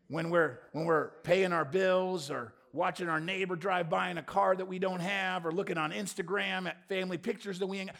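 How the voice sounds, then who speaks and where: Male pastor, high for a man, gravelly; punchy rhetorical sermon delivery with jokey asides. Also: a bit bright. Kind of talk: lively sermon to a live congregation. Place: church before a congregation.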